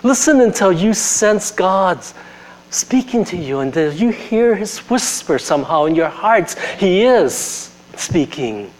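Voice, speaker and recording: Earnest man preaching, soft hushed turns. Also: high-pitched, sing-song, slow, poor audio. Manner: earnest, drops to a soft hush on tender lines; conversational asides, repeats phrases. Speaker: pastor. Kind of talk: sermon.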